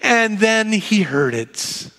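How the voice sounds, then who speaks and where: A man preaching a sermon, telling the story dramatically and dropping to soft, low tones at key moments. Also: big pitch swings, takes it slowly. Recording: echoey hall.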